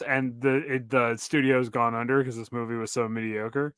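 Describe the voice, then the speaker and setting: Bright-voiced joking podcast co-host man. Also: mid-range voice, a little fast, smooth, no echo. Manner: joking, deadpan asides. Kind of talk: casual chat.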